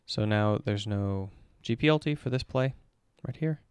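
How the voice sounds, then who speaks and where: Smooth-voiced man breaking down game replays. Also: fairly low pitch, moderate pace, dry recording. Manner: analytical, animated, breaks down plays step by step. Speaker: esports performance coach. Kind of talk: casual game-replay commentary on a stream.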